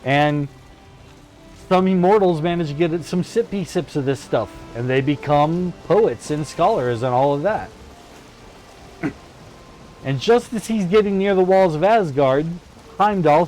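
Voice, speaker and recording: This is a playful man on a gameplay stream, chatting and spinning a story. His voice sits a bit high for a man. Soft music plays faintly behind him. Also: measured pace. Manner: playful and animated, with laughs. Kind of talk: casual gameplay chat with storytelling.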